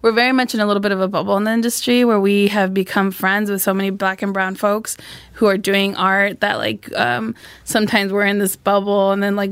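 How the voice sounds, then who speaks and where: A woman's voice: mid-range voice, smooth, no room sound. A woman filmmaker talking earnestly in a casual podcast conversation, acting out the people she quotes. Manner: earnest, reflective, acts out quoted dialogue. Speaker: filmmaker guest.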